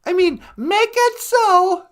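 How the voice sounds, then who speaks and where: A woman's voice: very high voice, lively intonation, slow pace, noisy background. A woman from Minnesota co-hosting a casual live stream, playful and laughing often. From Minnesota, USA. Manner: playful, laughs often, makes goofy computer beeps.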